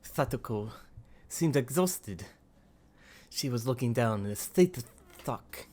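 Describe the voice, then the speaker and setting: A man's voice: mid-range voice, expressive, dark tone. A man reading as a lisping teenage boy. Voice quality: lisp. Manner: halting reading with restarts and stifled laughs. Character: gentle teenage boy narrator with a lisp.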